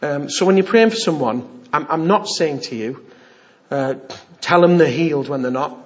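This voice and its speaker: A man's voice: a little high, lively intonation, normal speed, a little mellow. A middle-aged man preaching an informal, jokey sermon and acting out the voices he quotes. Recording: dull lo-fi sound.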